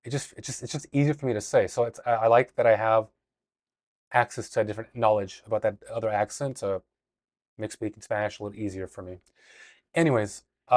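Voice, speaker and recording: A man hosting a casual language lesson video, talking in a relaxed way with fillers and restarts. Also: mid-range voice, no room sound, clean studio sound. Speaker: language teacher.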